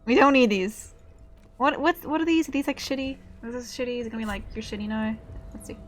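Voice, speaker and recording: A woman streaming a video game, reacting with excitable, swear-filled casual commentary. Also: high voice, quick pace.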